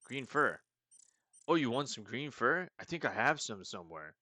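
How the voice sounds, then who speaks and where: A mellow hippie meep that lives underground, put on by a man playing a game, drawling every thought with "like" and "you know". The voice sits a bit higher than the player's own and comes out loud and cheerful, with game music underneath. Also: sing-song, normal speed, no echo. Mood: mellow, friendly. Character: laid-back stoner hippie meep, small furry burrow creature.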